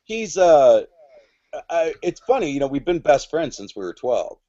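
A man's voice: fairly high pitch, big pitch swings, moderate pace, dark tone, lo-fi sound. A man in his forties telling a story on a podcast, rambling and restarting, acting out quoted lines. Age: 40s. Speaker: podcast guest. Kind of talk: casual storytelling.

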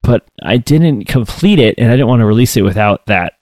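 A man co-hosting a podcast, relaxed and joking in loose casual chat. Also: medium pitch, fairly quick, dry recording, clean studio sound. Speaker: podcast co-host.

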